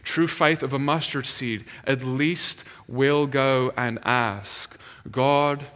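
A male minister giving a sermon and telling his testimony as an animated story, which drops to a hush when he retells prayers. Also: medium pitch, takes it slowly, in a large hall.

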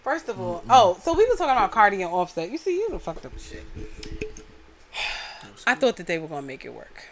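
A woman's voice: medium pitch, brisk. A woman, co-hosting a podcast in casual, blunt, profane banter. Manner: blunt, animated, profane storytelling. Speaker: podcast co-host.

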